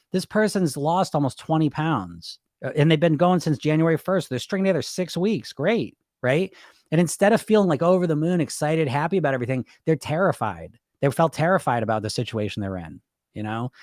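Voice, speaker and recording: A man's voice: on the high side, dry recording, clean studio sound. A middle-aged man, a weight loss coach hosting a podcast, talking casually and acting out his inner voices. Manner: animated, acts out his inner voices in dialogue; conversational, frequent "right?" and "you know?". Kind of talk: casual live-stream advice talk.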